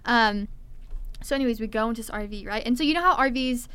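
Young woman spinning a story in casual chat, smooth voice, says like constantly. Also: on the high side, fast talker, dry recording. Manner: animated, acts out quotes, heavy filler "like". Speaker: storyteller guest.

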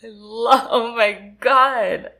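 A woman podcast host interviewing a guest, gushing, profane and quick to laugh. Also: a little high, fairly even intonation, bright, forceful tone. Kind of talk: casual interview chat.

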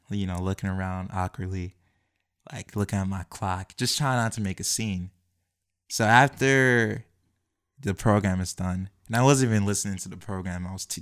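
A young man animatedly telling a personal story, acting out the quoted lines of the people in it. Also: deep voice. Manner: acts out quoted dialogue, quick and lively. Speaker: guest telling his story.

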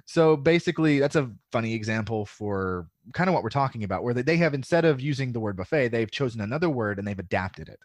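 A man's voice: medium pitch, lively intonation, quick pace, hardly any pauses, no room sound. A man from the American South with a faint Southern drawl, talking as a podcast guest in a rambling, filler-heavy way and swearing freely. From Southern United States. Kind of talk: casual podcast chat.

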